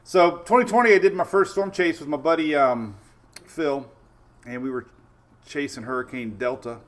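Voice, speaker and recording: A man hosting a casual weather livestream, greeting viewers by name and telling stories in a chatty, relaxed way. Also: on the high side, normal speed. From Florida Gulf Coast. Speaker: weather show host.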